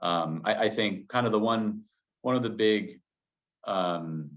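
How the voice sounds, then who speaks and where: A man being interviewed as a business guest, answering in a measured way full of qualifiers. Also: fairly low pitch. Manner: measured, hedging with many qualifiers. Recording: dull lo-fi sound.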